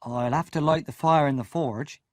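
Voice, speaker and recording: A man reading an audiobook, voicing a gentle, good-natured blacksmith. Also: on the high side, normal speed, no room sound, studio quality, lightly acted.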